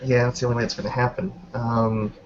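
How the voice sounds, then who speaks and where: A man's voice: medium pitch, little pitch movement, fast. Guy narrating his tabletop character, lots of uhs, medium voice, dull lo-fi audio. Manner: hesitant, many fillers and hedges. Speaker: player. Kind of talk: tabletop role-play narration. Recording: dull lo-fi with faint noise.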